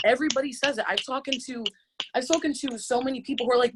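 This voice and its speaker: A woman in her late twenties, a yoga teacher speaking on a panel, talking through tears in an impassioned, halting way with many restarts. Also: high-pitched, breathy edge. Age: late 20s. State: crying, tearful. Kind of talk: emotional personal testimony on a panel.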